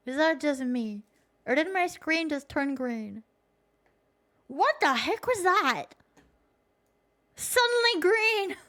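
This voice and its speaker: A woman livestreaming her reactions with a high voice. She talks in jokey bursts of panic and swears freely. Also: a bit bright. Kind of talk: casual reaction commentary.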